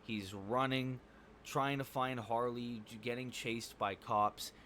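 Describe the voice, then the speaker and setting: A man's voice: mid-range voice, fairly even intonation, takes it slowly, fairly bright tone, a little hiss or hum. A man giving a casual spoken movie review, blunt and profane, rambling with fillers like "um" and "like".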